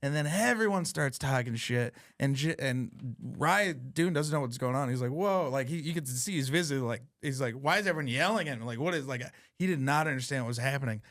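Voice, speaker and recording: A man's voice: medium pitch, fairly quick, few pauses, fairly bright tone, dry recording, clean studio sound. A man hosting a podcast, telling a story in casual chat, laughing often and swearing freely. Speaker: podcast host.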